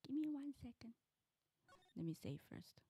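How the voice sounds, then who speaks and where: Soft-spoken, breathy woman streamer. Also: a little high, sing-song, moderate pace. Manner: soft-spoken, hesitant, half-whispered asides. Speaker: game streamer. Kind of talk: casual gameplay chat.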